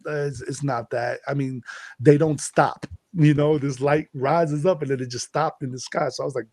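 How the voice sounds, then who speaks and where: A man from the Bronx, New York, a guest telling a personal experience in a lively storytelling manner, acting out what he said back then. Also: medium pitch, normal speed, dry recording. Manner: lively, acts out his own past words with rising excitement. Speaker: guest, contactee and hip-hop artist.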